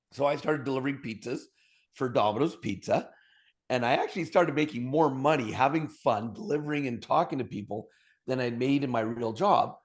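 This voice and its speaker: A man from Alberta, a podcast guest telling his story with high energy and humor and acting out bits of dialogue. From Alberta, Canada. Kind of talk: storytelling interview talk.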